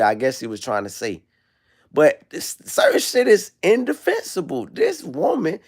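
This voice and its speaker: A man's voice: a little high, wildly swooping pitch, moderate pace, gravelly, slightly rough. A man hosting a livestream, ranting in a casual, profane and slangy way. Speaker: livestream host. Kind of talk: casual rant.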